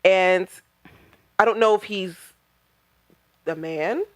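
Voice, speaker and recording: A woman's voice: mid-range voice, slow, dry recording. A woman co-hosting a podcast, telling gossip in casual chat with lots of laughter. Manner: gossipy storyteller, laughs a lot. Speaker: podcast co-host.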